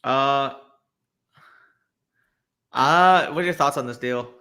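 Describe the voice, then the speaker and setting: A young man with a bright, forward voice runs a casual live stream. He reads chat questions aloud and fires back loose, quick reactions. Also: medium pitch, clean tone. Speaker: fantasy football podcast host.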